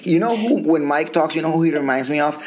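A playful man from Colombia, chatting on a podcast and quick to laugh. His pitch swings up and down in animated, lively talk. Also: slight background noise. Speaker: podcast co-host. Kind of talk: casual chat.

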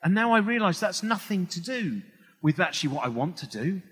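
A man's voice: sits high, sing-song, brisk, a bit bright, husky, long reverb tail. A male English comedian talking to a live audience on stage, rambling and self-deprecating with many restarts. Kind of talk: stand-up style talk to a live audience.

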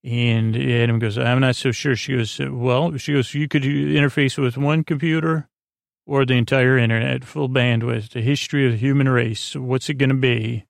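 A man hosting a sleep podcast, retelling an episode in a halting, deadpan way, full of fillers and "he goes, she goes.". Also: medium pitch, creaky, dry recording, clean studio sound. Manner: flat, deadpan delivery. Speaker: podcast host. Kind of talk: rambling episode recap for falling asleep.

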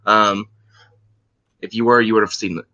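A man's voice: on the low side, fairly even intonation, normal speed, bright, forceful tone. A man co-hosting a casual podcast, rambling on with lots of fillers. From Central Florida. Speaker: podcast co-host. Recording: slightly dull lo-fi mic.

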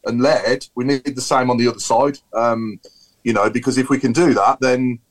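A man's voice: medium pitch, steady tone, moderate pace, rough recording. A man on a video call giving his views in a casual football chat podcast, rambling and opinionated. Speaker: podcast panelist.

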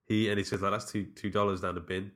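A man with a fairly low voice and a bright, forceful tone, chatting casually as a podcast co-host. He rambles, restarts his sentences and laughs often while recapping a film. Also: little pitch movement, fast.

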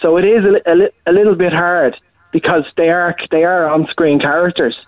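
A man's voice: on the high side, fairly even intonation, a little fast, no room sound. A male impressionist chatting as a guest, rambling with many restarts. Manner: rambling, frequent restarts and "you know". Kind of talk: casual interview chat. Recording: tinny phone-like line, dry.

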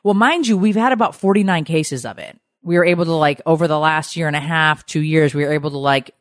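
A woman in her forties co-hosting a casual podcast, telling stories in a lively, animated way. She swears freely and leaps up in pitch whenever she quotes herself or others. The sound is dry and close. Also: fast, no echo. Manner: animated storyteller, swears, jumps high for quoted lines. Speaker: podcast co-host. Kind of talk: casual chat.

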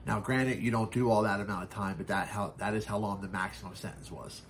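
A man's voice: fairly low pitch, steady tone, quick pace, a little hiss or hum. A man telling a personal story in a casual, candid way, often swearing and acting out what others said. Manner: candid, profane, acts out quoted voices. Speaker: podcast guest.

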